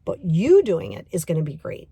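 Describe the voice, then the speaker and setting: A middle-aged woman with a husky voice gives an emphatic self-help talk to her podcast listeners. She repeats her points and coaxes the listener directly. The sound is dry and close. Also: on the low side, huge pitch swings, mellow, no room sound. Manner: acts out inner voices in quick asides. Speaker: podcast host and self-love coach.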